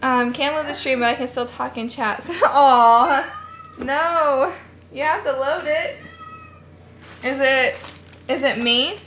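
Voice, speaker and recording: A woman's voice: sits high, slow pace, long pauses, a bit bright, a little hiss or hum. A young woman hosting a casual live stream from home on her phone, rambling and chatty with lots of "like" fillers.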